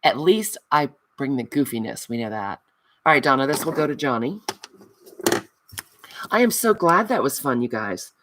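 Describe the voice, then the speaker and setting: A woman's voice: extremely low pitch, big pitch swings, moderate pace, pauses often, noisy background. Woman host wrapping up a craft livestream: affectionate, self-mocking, chatting back to viewers. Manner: chatty, reads out and answers viewer comments; affectionate, calls viewers honey. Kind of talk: casual livestream chat.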